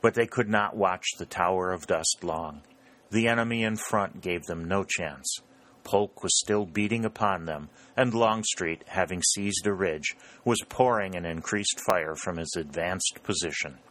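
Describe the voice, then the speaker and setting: A man with a very low voice reads a book aloud as its narrator. His delivery is steady and measured, keeping an even storytelling pace from line to line. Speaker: audiobook narrator. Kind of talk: scripted narration of a historical war novel.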